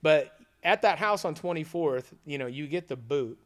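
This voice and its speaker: A man co-hosting a podcast, telling a long story in a casual, animated way with plenty of swearing. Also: on the high side, normal speed. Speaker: podcast co-host.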